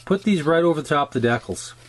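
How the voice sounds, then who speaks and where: A man's voice: fairly high pitch, expressive, quick pace. A man with a Canadian accent talking casually through a scale-model weathering tutorial, rambling and restarting his sentences. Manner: rambling, chatty, frequent restarts and ums.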